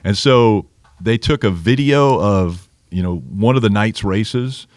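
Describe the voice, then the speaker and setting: A man's voice: lowish voice, slow pace, dry recording. A man in his fifties from Nebraska, a motorsport commentator telling stories in a casual interview, acting out quotes as he goes. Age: 50s. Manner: animated storyteller acting out quotes. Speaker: motorsport commentator, podcast guest.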